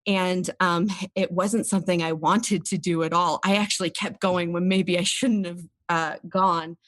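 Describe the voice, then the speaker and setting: A woman's voice: fairly low pitch, fairly even intonation, normal speed, a bit bright, dry recording. A woman, an interview guest talking openly and earnestly about personal experiences. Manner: earnest and open, tearful at times. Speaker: podcast guest. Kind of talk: candid interview talk.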